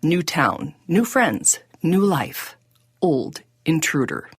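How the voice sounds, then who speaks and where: A woman, the podcast host, giving measured, reflective scripted narration. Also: low-pitched, very animated, slightly rough, no echo, studio quality.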